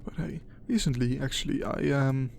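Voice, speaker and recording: A man's voice: medium pitch, moderate pace, vocal fry, a little mellow. A young man giving casual, rambling, crude and jokey commentary over a game he is playing. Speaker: gaming commentator. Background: background music.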